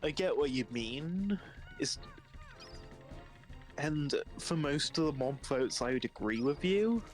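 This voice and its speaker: Laid-back young male co-host, slow and rambling, light music in the background. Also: on the high side, expressive. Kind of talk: casual livestream chat.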